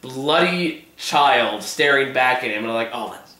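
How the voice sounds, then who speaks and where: Hoarse male vlog host, rambling and swearing, bright tone, roomy echo. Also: medium pitch, lively intonation, measured pace. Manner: rambling, filler-heavy, swears casually. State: hoarse, voice giving out. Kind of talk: casual TV episode discussion.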